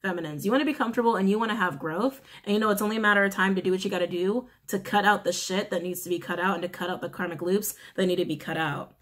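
A woman giving a casual tarot reading, blunt and frank, who curses freely, repeats key phrases and often clears her throat. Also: medium pitch, racing, hardly any pauses. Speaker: tarot reader.

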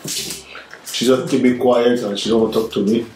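A man's voice: mid-range voice, steady tone, moderate pace, darkish tone, echoey room, a little hiss or hum, low-quality recording. A man talking casually with his wife in a couple vlog, pleading with her and growing upset and indignant. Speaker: vlogger, husband.

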